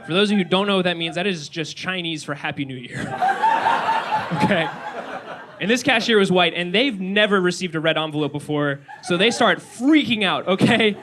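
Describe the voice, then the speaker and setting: A young male comic works a small live venue, animated and incredulous with a wry edge. His voice sits a little high for a man. Steady noise from the room runs under the set. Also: normal speed. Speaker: stand-up comedian. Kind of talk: stand-up comedy set. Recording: noisy live room recording.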